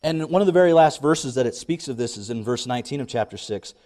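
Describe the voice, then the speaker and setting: A young man, a pastor, preaching a sermon and telling a lively personal story. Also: mid-range voice, fast talker. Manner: animated storytelling, rising when excited.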